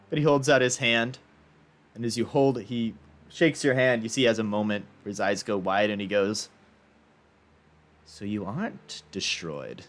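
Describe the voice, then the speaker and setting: A man narrating as game master of a tabletop game, describing scenes in a loose, searching way. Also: mid-range voice.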